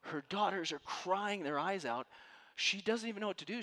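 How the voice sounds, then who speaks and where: Impassioned preacher telling a story. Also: male voice, fairly high pitch, expressive, moderate pace, hardly any pauses. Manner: impassioned storytelling, swinging from hushed to loud. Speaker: pastor. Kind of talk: sermon to a live congregation. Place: room with an audience.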